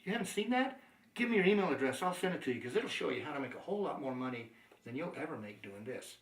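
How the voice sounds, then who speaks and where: A man's voice: fairly high pitch, quick pace, echoey room, far from the mic, poor audio. A man giving a sales training talk, telling stories, acting out the dialogue and chuckling often. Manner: chuckling, anecdotal, animated.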